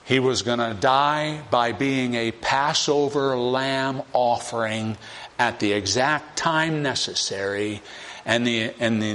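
A man's voice: mid-range voice, fairly bright tone. A man preaching a sermon on scripture. He repeats key phrases with emphasis and acts out the scenes he describes. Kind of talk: expository sermon.

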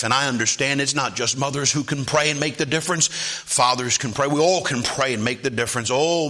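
A pastor preaches to his congregation and then leads them in prayer. His voice is very bright, and it sits at an ordinary pitch for a man. When he acts out the people in his stories, his voice climbs high and gets loud. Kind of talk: sermon and closing prayer. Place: church.

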